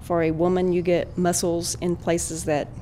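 A woman, a wind technician student, talking frankly and slowly in a field interview. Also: lowish voice, flat delivery, mellow.

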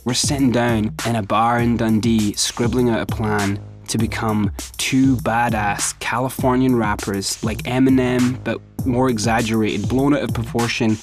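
A middle-aged man with a Scottish accent telling a story in a lively way, sometimes slipping into put-on voices. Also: mid-range voice, measured pace, hardly any pauses. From Scotland. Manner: animated, breaks into put-on voices and laughs. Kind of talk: casual storytelling. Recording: music playing behind the voice.

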